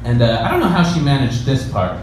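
Young Canadian stand-up, stammery self-mocking delivery, echoey live room. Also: male voice, mid-range voice, sing-song. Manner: self-deprecating, halting restarts. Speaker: stand-up comedian. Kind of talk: stand-up set. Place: comedy club stage. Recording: echoey room from far off with loud background noise.

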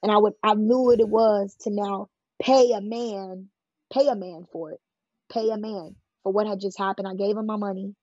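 Woman guest telling her story, plain-spoken and frank, raspy and gravelly, on a dry recording. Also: medium pitch, steady tone, moderate pace, dark tone, no room sound, dull audio. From California. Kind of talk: emotional personal storytelling in an interview.

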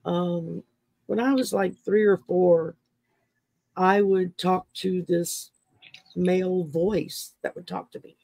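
A middle-aged woman from Texas hosts a casual interview. Her voice is gravelly and a little husky. She tells long personal stories, laughing along the way, in a dry, close recording. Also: on the low side, fairly even intonation, slow pace, mellow, dry recording. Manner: chatty, laughs often while telling stories. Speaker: podcast host.

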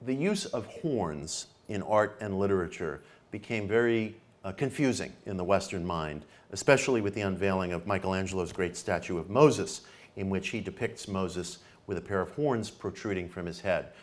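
A man's voice: deep voice, normal speed. A man giving a public lecture in an earnest way, repeating key phrases for emphasis, with occasional hesitant fillers. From New York, United States.

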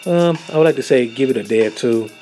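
A man voicing an eager young male turtle inventor in a homemade stop-motion film, quick to panic and shout. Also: mid-range voice, lively intonation, faint music behind, natural voice.

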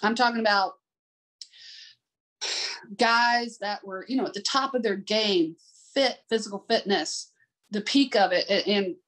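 A woman's voice: mid-range voice, unhurried, pauses often, fairly bright tone. A woman working as an adaptive sports swim coach, telling candid, heartfelt stories in an interview. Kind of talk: conversational interview storytelling.

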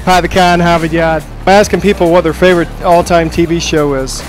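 High-voiced joking male roving interviewer. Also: steady tone, a little fast, faint music behind. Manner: jokey, playful, teasing. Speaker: shipboard interviewer. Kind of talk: roving vox-pop interviews.

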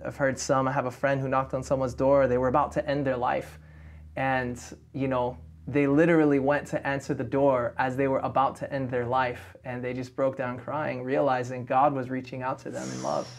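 A man speaks earnestly as a guest on a relaxed podcast. He tells his story with a steady, sincere delivery and leans on "you know" between thoughts. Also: medium pitch, normal speed. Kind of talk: casual podcast conversation.

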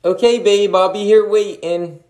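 A man voicing a polite, calm young boyfriend in a comedy sketch. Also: high voice, unhurried.

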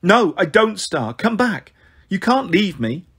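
A man's voice: sits high, very animated, measured pace, fairly bright tone, breathy edge, voice pushed up, full character voice. A man voicing an upset young girl, tearful and pleading, in an audiobook reading.

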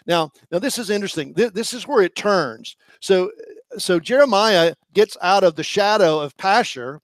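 A man delivers a sermon in a notably high voice. He is earnest and pushes into impassioned emphasis. The sound is close and dry, with no room around him. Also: animated, moderate pace, dry recording. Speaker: preacher.

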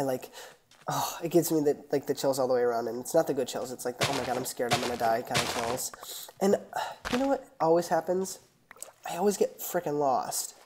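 A woman's voice: deep voice, mellow. A woman giving casual, rambling gameplay commentary and chatting with her viewers as she plays. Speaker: gaming channel host.

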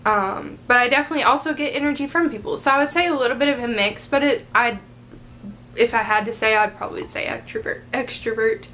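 A woman's voice: fairly high pitch, quick pace, sharp tone, slight background noise. A young adult woman chatting casually in a get-to-know-me Q&A video, upbeat and full of fillers like "um" and "like". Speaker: vlogger.

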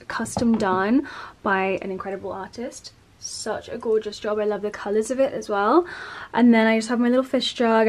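A young woman vlogging at home, chatting to camera in a gushing way with many "like"s. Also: on the high side. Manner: chatty, gushing, says "like" a lot. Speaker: influencer vlogger. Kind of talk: casual vlog chat to camera. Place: bedroom at home, indoors. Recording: echoey room.

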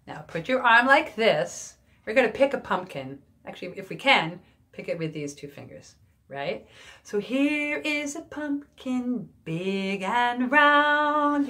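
A woman music therapist leading a preschool class, giving simple, encouraging instructions and mimicking animal sounds. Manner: lively, wide swings of pitch and loudness when mimicking animal sounds.

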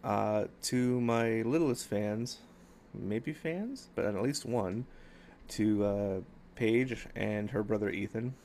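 Gravelly low-voiced man chatting casually. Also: slow pace, a little hiss or hum. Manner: rambling, many "uh" fillers, affectionate shout-outs. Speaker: gaming YouTuber. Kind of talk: casual vlog talk to viewers. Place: outdoors at sunset.

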